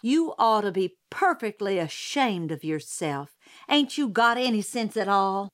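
A woman's voice: mid-range voice, very animated, unhurried, a bit bright. A woman doing a stern scolding housekeeper. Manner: indignant, scolding, Southern dialect.

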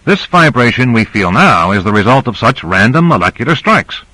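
A man's voice: mid-range voice, sing-song, normal speed, sharp tone, no echo, low-quality recording. A man reading the part of a weary ship captain who explains things at length. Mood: explaining. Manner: explanatory, lecturing. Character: weary male submarine captain, explaining patiently.

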